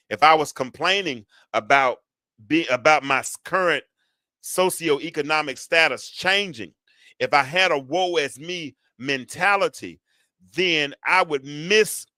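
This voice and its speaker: A man preaching to his listeners, swinging from quiet reflection to loud, drawn-out exhortation. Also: on the high side, no room sound. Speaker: preacher and show host.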